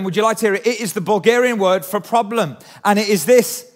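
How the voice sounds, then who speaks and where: A man's voice: sits high, a little fast, hardly any pauses. A man preaching a sermon in a church, chatty, often asking the congregation questions. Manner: conversational, asks the congregation questions. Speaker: pastor. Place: church hall. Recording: long hall reverb.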